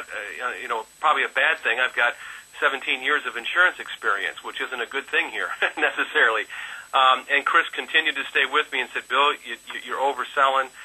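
A man's voice: medium pitch, bright, forceful tone, breathy edge, rough recording. A man who works as an insurance agent, telling a rambling personal story on a phone conference call, full of fillers and restarts. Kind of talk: casual testimonial.

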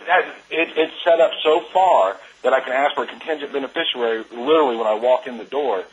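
An insurance agent, a man, describing his appointments in an animated way, full of "I mean" and "you know", on dull lo-fi call audio. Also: mid-range voice, fast, a little hiss or hum. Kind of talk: casual call describing field work.

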